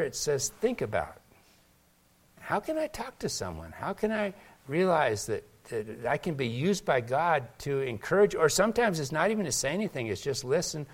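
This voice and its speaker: A man preaching a sermon to his congregation in a conversational way, calling on people by name and swinging between loud emphatic peaks and quiet, slow stretches. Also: mid-range voice. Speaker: pastor.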